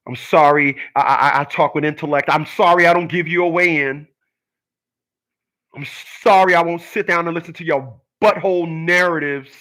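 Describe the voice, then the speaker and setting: A man's voice: a little high, steady tone, moderate pace, a bit bright. A man hosting his own channel, delivering an emphatic solo rant and repeating his points for force. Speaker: channel host. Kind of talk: solo ranting monologue.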